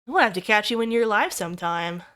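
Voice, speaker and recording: A young adult woman streamer chatting casually with viewers, excitable, swearing freely and squealing over cute things. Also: mid-range voice, brisk. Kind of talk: casual livestream chat with viewers.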